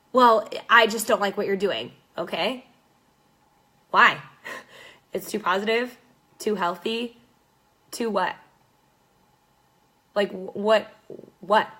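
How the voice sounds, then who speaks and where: A woman's voice: mid-range voice, fairly bright tone. A young woman coaching direct sellers in a fired-up, blunt and sarcastic motivational talk.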